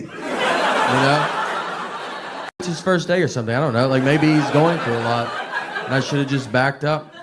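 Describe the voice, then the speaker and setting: A man with a Tennessee accent telling stand-up stories in a deadpan, understated drawl with frequent filler words. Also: on the high side, normal speed, long pauses, background noise. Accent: Southern US, Tennessee. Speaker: stand-up comedian. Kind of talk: stand-up comedy storytelling.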